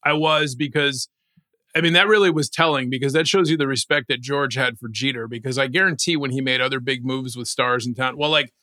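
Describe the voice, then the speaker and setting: A man with a bright, forward voice in casual sports talk. He rambles and restarts with animated asides. The sound is close and dry. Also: medium pitch, a little fast, no room sound. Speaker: podcast co-host.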